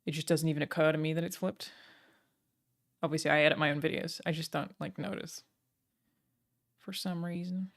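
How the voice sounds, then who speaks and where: A young woman chats loosely with her stream viewers and answers their questions as they come in. Her voice sits slightly low for a woman. She leans on "like" and "um" as she thinks aloud. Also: steady tone, a little fast, pauses often. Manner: chatty, full of "like" and "um" fillers. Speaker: streamer and game writer. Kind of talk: casual live-stream chat answering chat questions.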